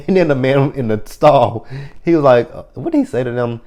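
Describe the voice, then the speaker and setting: A man's voice: medium pitch, animated, normal speed, dark tone. A man in his thirties casually recapping a TV episode, chatty and profane, laughing often. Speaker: TV episode reviewer.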